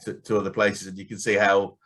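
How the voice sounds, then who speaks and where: A man's voice: on the low side, level tone, brisk, fairly bright tone. A man interviewing a business guest in casual chat, hesitant with many restarts and fillers.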